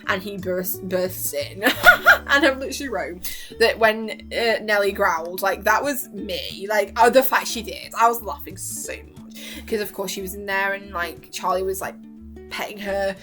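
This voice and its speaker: A young woman chatting casually as a vlogger, excitable and gushing, laughing often and acting out lines. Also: medium pitch, moderate pace, soft background music. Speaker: vlogger reviewing a TV season. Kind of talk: casual chat.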